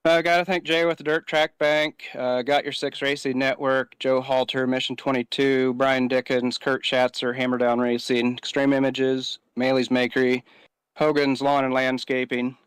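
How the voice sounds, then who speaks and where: Man, race driver, casual post-race interview, rambling, smooth clear voice, dry. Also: medium pitch, level tone, moderate pace, no room sound. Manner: casual, rambling, filler-heavy.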